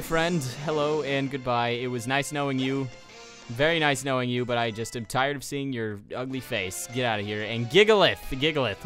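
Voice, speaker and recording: A man's voice: mid-range voice, fairly bright tone. A young man giving casual let's play commentary, exasperated and ranting at the game, with a sniffly nose.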